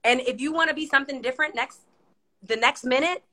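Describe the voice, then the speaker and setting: Woman guest, bright, slightly high voice, emphatic and lively, keeps saying "listen". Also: fast talker. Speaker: guest, wine company founder. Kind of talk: casual live-stream chat.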